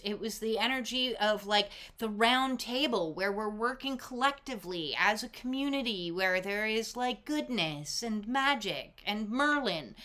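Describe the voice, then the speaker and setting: A woman's voice: medium pitch, bright, forceful tone. A woman doing a casual oracle card reading, talking emphatically with lots of fillers and casual swearing. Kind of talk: casual spiritual talk to camera.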